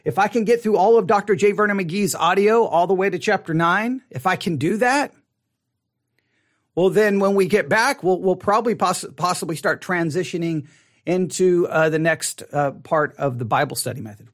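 A pastor leads an online Bible study in a casual teaching style, chatting conversationally and putting questions to his audience, with lots of restarts and repeated words. His male voice is high-pitched at a moderate pace.

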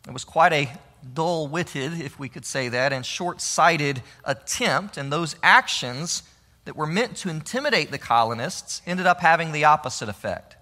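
A man giving a historical storytelling talk, with dramatic, emphatic delivery that drops to a hush. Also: on the high side, lively intonation, normal speed. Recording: long reverb of a large hall.

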